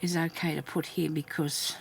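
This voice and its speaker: A woman who makes craft videos, chatting casually to herself while she sews and mumbling, with her voice often dropping into soft half-whispers. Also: low voice, level tone, normal speed, creaky, slight background noise. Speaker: craft vlogger. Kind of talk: casual talk while stitching.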